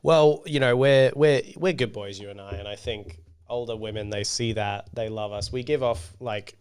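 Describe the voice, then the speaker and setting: A man's voice: medium pitch, moderate pace, clean tone. A young man in casual banter with his co-host, making crude jokes and talking to the listeners. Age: young adult. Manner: joking, crude, addresses listeners as folks.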